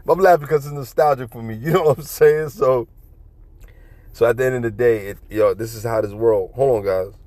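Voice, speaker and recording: A man's voice: medium pitch, fairly quick, darkish tone, no room sound. A man rambling through a casual monologue, profane and repetitive, often laughing. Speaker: vlogger.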